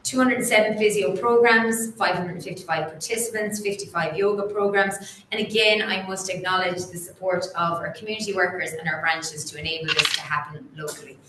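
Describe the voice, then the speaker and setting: A woman delivers a formal report to a meeting in a clear, businesslike way, with a fairly low voice that has a bright, forceful edge. Her voice carries through an echoey room with a faint hum behind it. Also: steady tone, a little fast, hardly any pauses. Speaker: chief executive presenting at an annual meeting. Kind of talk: formal presentation.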